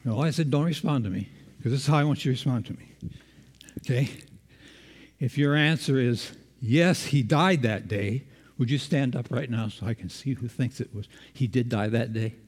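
Male preacher, mid-pitched, conversational sermon delivery, quizzes the room, long hall reverb. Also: normal speed, breathy edge. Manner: engaging, quizzes the congregation.

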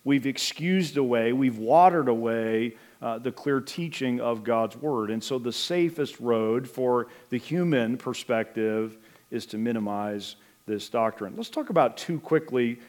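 A middle-aged man preaching a sermon as pastor, in an earnest, measured way with some hesitant fillers. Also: medium pitch, a little mellow.

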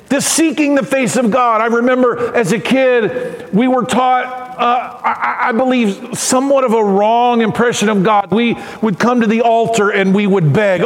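A middle-aged man preaching a sermon as pastor, animated and acting out voices and cries. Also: high voice. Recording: long hall reverb.

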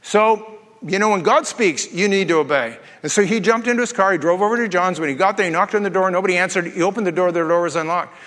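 A man preaching a sermon as pastor, telling stories with lively asides and humor. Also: high voice, fast, long reverb tail. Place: church.

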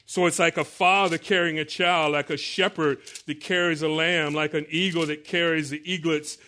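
A male pastor delivering a sermon with a somewhat high voice. He reads scripture and works through it verse by verse. His delivery swings from loud, urgent pleading to quiet, low-key explanation. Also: level tone, moderate pace.

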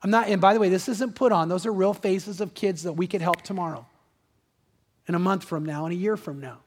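A man pastor preaching a sermon, building to impassioned peaks and then easing into a quiet prayer. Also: brisk, in a large hall, a little hiss or hum. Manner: impassioned preaching that rises in pitch and volume, then drops to a soft prayer. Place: large church auditorium.

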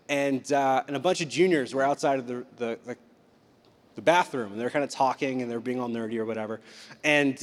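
A young man preaching a casual youth sermon as a youth pastor, chatty and animated, acting out voices as he talks. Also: fairly high pitch. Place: church sanctuary. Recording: long reverb of a hall.

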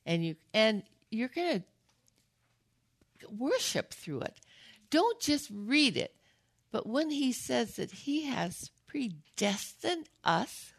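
A woman's voice: fairly high pitch, very animated, slow pace. An older woman giving a heartfelt devotional talk on scripture, earnest and emotional, repeating phrases for emphasis. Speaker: Bible teacher.

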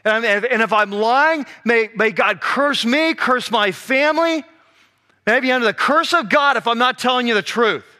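A preacher putting on a frantic, swearing disciple. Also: male voice, sits high, animated, fairly quick. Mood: furious denial. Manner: loud, protesting, swearing. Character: panicky male disciple denying his friend. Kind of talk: sermon retelling.

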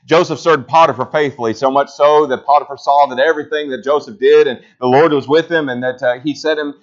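A man preaching a sermon, rising to loud emphatic peaks and then dropping low. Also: steady tone, a little fast. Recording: slightly dull lo-fi sound.

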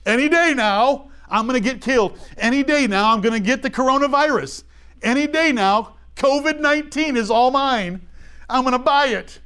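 A man voicing an anxious captive exile who frets about dying and going hungry, talking fast and worried. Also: extremely high pitch, fairly bright tone, clear, resonant tone, pitched above the performer's own voice.

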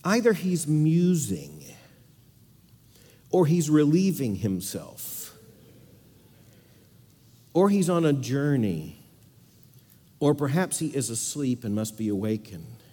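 A man delivers a sermon in a somewhat raised pitch, his voice ringing through a large reverberant hall. He presses his points by repeating key phrases and moves between loud, driving declarations and soft, low asides. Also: sing-song, slow pace, long pauses, slightly rough. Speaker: preacher.

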